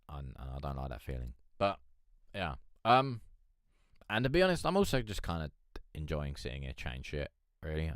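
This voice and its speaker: Live-stream host, man, low droll Eeyore voice, casual and sweary, close dry mic. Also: clean tone, no echo. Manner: chatty, swearing, laughing, reading chat aloud. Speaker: livestream host.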